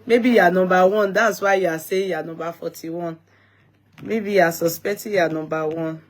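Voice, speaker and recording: A woman's voice: lowish voice, normal speed. A tired Nigerian woman hosting a casual live stream, chatting to viewers with repeated greetings and bits of Pidgin. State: tired, yawning.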